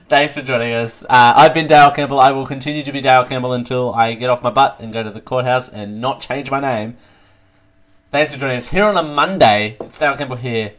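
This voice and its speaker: A man hosting a live show, chatting casually and excitably while taste-testing snacks, sometimes talking with his mouth full. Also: medium pitch, fairly quick. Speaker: host.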